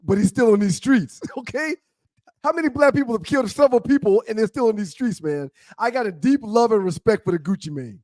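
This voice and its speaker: A man co-hosting a sports talk podcast, boasting, telling stories and cracking deadpan jokes. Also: high-pitched, brisk, dry recording. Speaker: podcast co-host. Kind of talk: casual sports talk banter.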